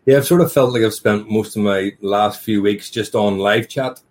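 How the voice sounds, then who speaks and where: Lower-voiced joking man, interview guest. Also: moderate pace. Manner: joking, self-deprecating storyteller. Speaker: tea business owner, guest. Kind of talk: casual interview chat.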